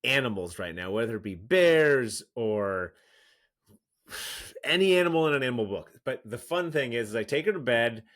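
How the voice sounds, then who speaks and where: Lively dad telling stories with plenty of laughs. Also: male voice, medium pitch, moderate pace. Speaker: podcast co-host. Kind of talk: casual chat.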